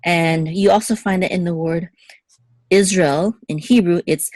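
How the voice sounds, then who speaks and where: Woman teaching a pronunciation lesson, slightly low voice, says words slow and twice, keeps asking okay?, dry close sound. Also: a little mellow, dry recording. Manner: repeats words slowly to contrast pronunciations, frequent "okay?" checks. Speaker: Hebrew teacher. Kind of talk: patient step-by-step language lesson.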